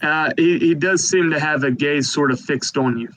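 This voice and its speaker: A man's voice: fairly high pitch, moderate pace, a bit bright, a little hiss or hum, rough recording. A man narrating a tabletop game as game master, describing the scene in a rambling way with many fillers.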